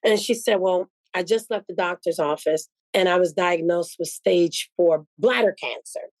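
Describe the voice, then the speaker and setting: A woman's voice: on the low side, moderate pace, no room sound. A woman guest who owns a spice shop, telling heartfelt stories in a casual conversation and acting out the dialogue. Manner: earnest, heartfelt, acts out quoted dialogue.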